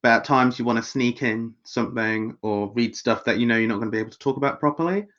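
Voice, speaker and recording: A male co-host chats casually. His speech is hesitant and rambling, full of fillers. His mid-pitched voice comes through a slightly dull, lo-fi recording. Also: quick pace, fairly bright tone. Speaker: podcast co-host. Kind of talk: casual chat.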